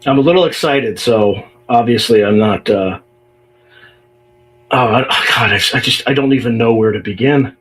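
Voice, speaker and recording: A man's voice: medium pitch, normal speed. A man hosting a livestream podcast, talking casually and reading emails aloud with exasperated, sarcastic asides. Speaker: podcast host.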